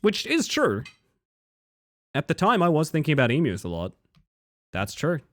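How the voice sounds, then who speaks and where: A young man with an Australian accent chats casually with his live audience, his voice bouncing through a lively pitch range. He rambles from joke to joke and swears freely. The sound is close and dry, with no room around it. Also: normal speed, no room sound. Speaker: streamer.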